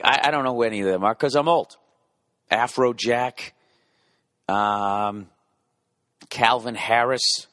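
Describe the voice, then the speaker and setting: A man in his forties with a lowish, slightly bright voice hosts a podcast, recorded in studio quality without echo. His comedic monologue rambles, swearing freely, beatboxing club beats with his mouth, and heckling himself in asides.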